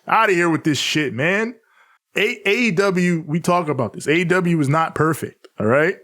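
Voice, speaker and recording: A man's voice: on the high side, animated, moderate pace, sharp tone. Blunt, ranting man. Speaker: podcast co-host. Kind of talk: casual wrestling recap chat.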